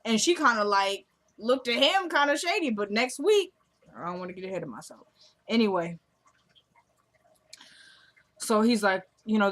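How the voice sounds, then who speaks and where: A woman vlogger casually recapping a TV drama episode in a slangy, animated storytelling way. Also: mid-range voice, normal speed, pauses often.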